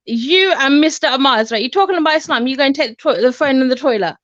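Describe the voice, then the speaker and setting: A woman's voice: high-pitched, expressive, fast talker, fairly bright tone, no echo. A woman arguing heatedly on an online call, swearing and confrontational. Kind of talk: heated online panel argument. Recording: dull lo-fi call audio.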